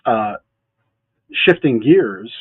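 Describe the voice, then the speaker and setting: A man's voice: mid-range voice, lively intonation, drawn-out words, husky, no echo. A man co-hosting a casual business chat, easygoing and joking, adding sarcastic asides. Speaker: mattress store owner co-hosting a local show. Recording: dry, phone-like narrow sound.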